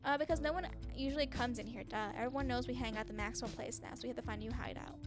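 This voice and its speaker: A woman's voice: fairly high pitch, racing, natural voice. A woman voicing a sulky, dismissive teenage girl with a snarky, whiny way of talking, over game music.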